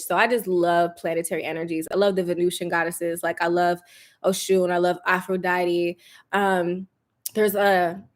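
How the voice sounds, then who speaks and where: A young woman in casual livestream chat, candid and animated, laughing often and swearing casually. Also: on the low side. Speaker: spiritual lifestyle creator.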